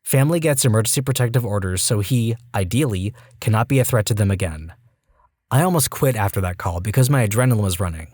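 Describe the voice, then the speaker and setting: A man reading reddit stories aloud in an even, steady voice. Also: fairly low pitch, quick pace, no echo, clean studio sound. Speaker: reddit story narrator.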